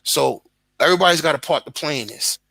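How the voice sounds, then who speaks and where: A man's voice: on the high side, fast, vocal fry, pushed and bright, no echo, poor audio. A man with a Brooklyn accent talking emphatically and with plenty of profanity in a casual live-stream chat. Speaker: guest content creator.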